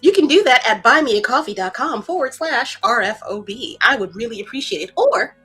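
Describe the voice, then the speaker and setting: A woman co-hosting a casual livestream chat, excitable and rambling, often laughing at herself. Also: a little high, fairly quick, slightly rough, faint music behind. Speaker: co-host.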